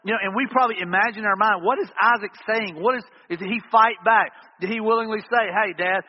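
A man's voice: high-pitched, fast talker, slight background noise. A man preaching a sermon as pastor, earnestly driving points home with repeated emphatic refrains. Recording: reverberant hall, dull lo-fi sound.

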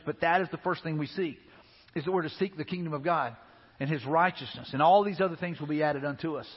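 A man's voice: fairly high pitch, husky, long reverb tail, dull audio. A man preaching a sermon as a pastor, talking to the congregation in a loose, conversational way with repeated asides. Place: church sanctuary.

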